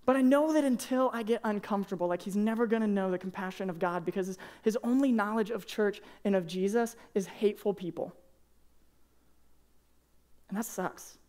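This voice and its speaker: A young man preaching a casual, earnest sermon to high school students, peppering his talk with "man" and "like". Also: a little fast, darkish tone. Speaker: youth pastor. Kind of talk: youth sermon.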